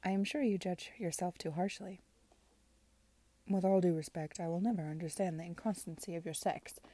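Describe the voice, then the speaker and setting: A man's voice: high voice, fairly even intonation, normal speed, dark tone, no room sound. A woman reading aloud as a young male lord, earnest and perplexed, in a storybook reading.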